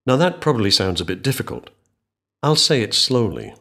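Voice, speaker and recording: A man teaching a scripted podcast language lesson, speaking clearly and slowing right down to model phrases. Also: medium pitch, huge pitch swings, bright, forceful tone.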